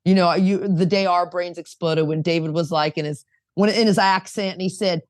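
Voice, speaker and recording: A woman's voice: lowish voice, expressive, moderate pace, dry recording. Earnest woman sharing, dry close sound. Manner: earnest, emphatic, repeats herself. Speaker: roundtable participant, sponsor. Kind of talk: casual recovery-meeting sharing.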